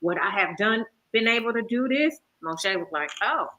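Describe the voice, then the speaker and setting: A woman hosting a casual Bible discussion, talking in an animated and emphatic way. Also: medium pitch, normal speed, rough recording. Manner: animated, emphatic, hollers with laughter. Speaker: host.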